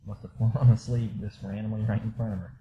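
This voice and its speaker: A man candidly telling a personal story in a casual, rambling way, full of fillers, going quiet at the low moments. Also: flat delivery, quick pace, dull audio, background noise. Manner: candid, rambling, many fillers, drops soft when reliving low moments. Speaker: storyteller sharing a personal experience.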